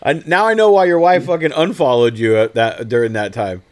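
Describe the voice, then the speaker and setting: A man hosting a casual podcast, laid-back and quick to laugh, swearing freely. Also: mid-range voice, fairly even intonation. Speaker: podcast host.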